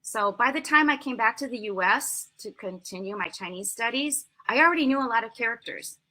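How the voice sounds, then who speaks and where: An American woman in her sixties, a language teacher, giving lively, emphatic explanations as an interview guest. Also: a little high, fairly quick. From United States. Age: 60s. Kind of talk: conversational interview answers.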